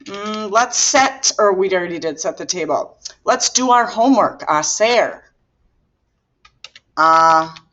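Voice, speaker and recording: A woman's voice: medium pitch, animated, normal speed, few pauses, dull audio. A woman teaching a recorded grammar lesson, patiently explaining step by step while she writes on the board. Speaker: Spanish teacher.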